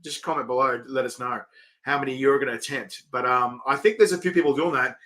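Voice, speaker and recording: Excitable Australian man with a bright voice. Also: medium pitch, fast talker. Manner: rambling, excitable, reads viewer comments aloud. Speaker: host. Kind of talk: casual live-stream interview.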